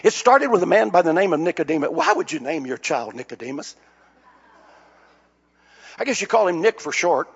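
An older male pastor preaching a sermon with a high, husky voice. He tells stories and rises to shouting peaks. The recording is dull and lo-fi. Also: big pitch swings, normal speed, long pauses. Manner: storytelling preacher building to shouted climaxes. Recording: dull lo-fi sound.

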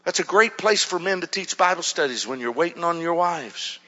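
A male pastor telling stories in a sermon, dropping to a hush and then rising loud and animated. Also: fairly high pitch, moderate pace. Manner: animated storytelling, swings from hushed to loud. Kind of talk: storytelling sermon. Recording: muffled hall reverb.

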